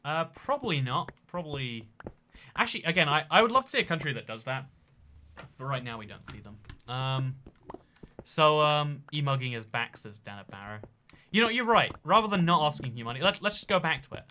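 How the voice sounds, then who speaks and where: A man's voice: on the high side, very animated, a little fast, pushed and bright, a little hiss or hum. A man hosting a casual livestream and reading out chat donations. He talks in a rambling, jokey way, full of fillers and restarts.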